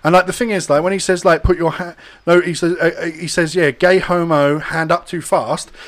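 A man's voice: on the high side, fairly even intonation, brisk. A young man telling crude, rambling stories in casual banter among friends, often slipping into silly voices. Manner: rambling storyteller, swears a lot, does silly voices.

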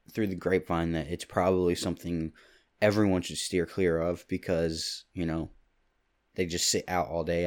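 Young man in his twenties, very deep voice, loose rambling solo chat, from Kentucky. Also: a little mellow, clear, resonant tone. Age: 20s. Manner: rambling, jokey, quick asides. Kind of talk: casual solo monologue. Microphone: studio mic with pop filter.

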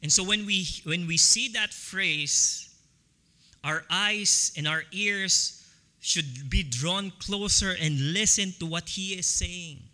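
A man preaching a sermon as pastor, slow and emphatic, repeating key phrases for stress. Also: sits high, pushed and bright, big-room sound.

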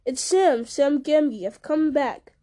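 A loyal, plain-spoken hobbit, as a woman reads him, earnest and homely in manner. The voice stays high and mellow, a gentle storybook reading. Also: a little slow.

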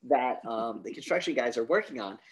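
A man's voice: medium pitch, moderate pace, rough recording. A man co-hosting a podcast, casually retelling a film's plot and acting out its lines. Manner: animated retelling, acts out quotes. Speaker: podcast co-host. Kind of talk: casual movie review chat.

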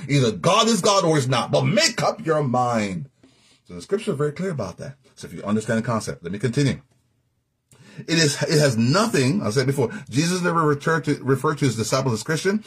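A man's voice: on the high side, slightly rough. A man teaching a sermon as a Bible teacher, emphatic, repeating key phrases and asking the listener questions.

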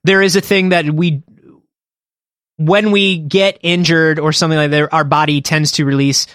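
A man co-hosting a podcast, chatting casually and thinking out loud with hedges and fillers. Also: fairly high pitch, little pitch movement, normal speed, clear, resonant tone, no room sound, clean studio sound. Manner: thinks aloud, hedging with fillers. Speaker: podcast co-host. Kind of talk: casual chat.

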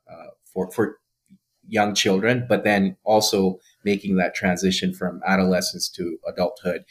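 A man with a very low, deep voice hosts a podcast interview. He asks long, thoughtful questions and leans on fillers as he builds up to them. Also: fairly bright tone. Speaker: podcast host. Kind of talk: interview conversation.

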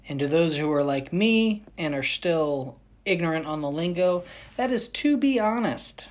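A woman's voice: lowish voice, expressive, a little slow. A young woman vlogger chatting casually, rambling with frequent restarts and self-corrections. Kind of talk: casual chat.

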